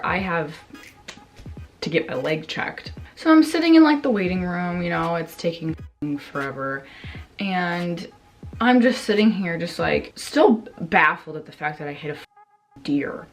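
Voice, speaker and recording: A woman's voice: lowish voice, expressive, unhurried, faint music behind. A young woman vlogger casually telling a story to her camera, rambling with lots of fillers, swearing and acting out her own reactions.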